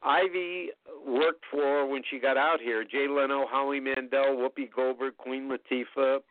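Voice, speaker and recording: An older man telling rambling, chatty anecdotes as an interview guest, with frequent pauses. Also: mid-range voice, fairly even intonation, dry recording, narrow, tinny audio. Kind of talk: storytelling anecdotes in casual conversation.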